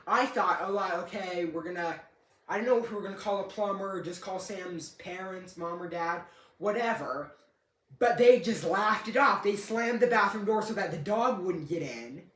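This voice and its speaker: A man's voice: high voice, moderate pace, a bit bright. A young man casually telling a story, rambling and correcting himself, with a dry, joking humor. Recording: echoey room.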